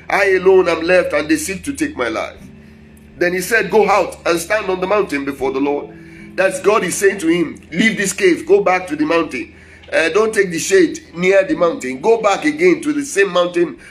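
A man preaching a sermon, reading scripture slowly and breaking off to explain it with asides and chuckles. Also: on the high side, poor audio.

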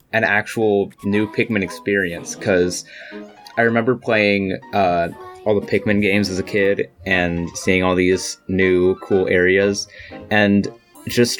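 A man co-hosting a podcast in casual chat, eager and rambling with many fillers. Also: fairly low pitch. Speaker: podcast co-host.

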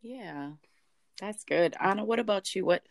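A woman's voice: mid-range voice, expressive, a little slow, creaky. A woman hosting an interview, affirming and encouraging her guests. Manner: affirming, encouraging, frequent agreement. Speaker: host.

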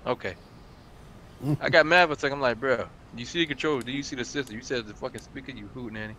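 Animated young man telling stories, bright voice. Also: mid-range voice, fast, a little hiss or hum. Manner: profane, animated storyteller acting out quotes. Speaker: gamer chatting in a group voice chat. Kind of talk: casual chat.

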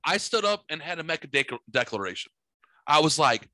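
A man telling a long story in a casual, profane and animated way, acting out his own reactions loudly. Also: a little high, a little fast, dry recording. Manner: animated, profane, theatrical retelling.

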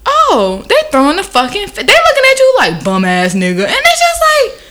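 A young woman chatting casually as a co-host, animated, laughing often and swearing freely. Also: extremely high pitch, moderate pace. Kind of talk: casual chat.

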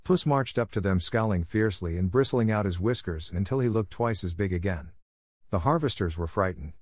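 A man narrating a fairy tale in a steady, even storytelling manner, close to the mic. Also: deep voice, fairly quick, dry recording. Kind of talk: scripted audiobook narration.

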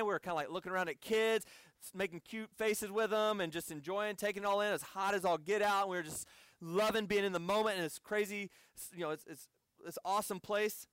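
A man's voice: high voice, fairly bright tone, clear, resonant tone, no echo, studio quality. An American man preaching a sermon as a conversational story with asides to the audience. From United States.

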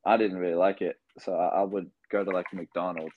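A young Australian basketball player, guesting on a casual interview, rambles through stories packed with fillers. His low voice is flat and brisk, with phone-quality sound.

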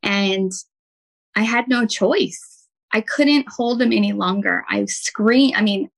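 Earnest woman with a gravelly edge. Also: medium pitch, takes it slowly, poor audio. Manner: earnest, heartfelt, with frequent "um" and "like". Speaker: podcast guest, intuitive healer and nurse. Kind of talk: personal storytelling in conversation.

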